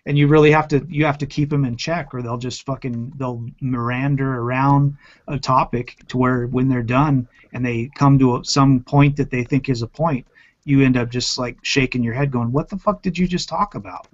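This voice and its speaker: Brief: male teacher, blunt and profane, mid-pitched, dull online call audio. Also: level tone, moderate pace. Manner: blunt, profane, acts out exasperated quotes. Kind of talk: casual round-table chat. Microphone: online video call.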